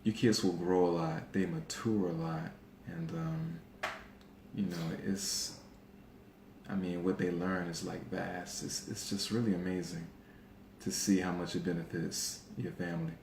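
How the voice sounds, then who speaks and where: Deep gravelly man, reflective. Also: expressive. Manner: measured, reflective, with fillers. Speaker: podcast co-host. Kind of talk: casual conversation. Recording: echoey room with faint background noise.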